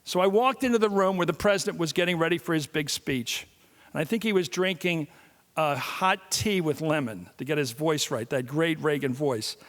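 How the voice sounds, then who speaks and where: A man in his sixties giving a public lecture, telling stories and jokes in an animated way. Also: fairly high pitch, normal speed. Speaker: guest speaker. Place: large hall. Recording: long reverb of a large hall.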